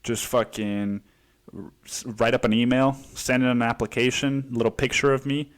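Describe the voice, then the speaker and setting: Rambling and profane, this solo podcast host from Mexico tells casual stories about his day and acts out quoted voices. He speaks in a flat, mid-range voice at a moderate pace.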